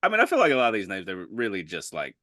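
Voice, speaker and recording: A man's voice: on the low side, huge pitch swings, racing, pushed and bright, no echo, studio quality. A man co-hosting a podcast in casual chat, often laughing and rambling with fillers. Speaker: podcast co-host.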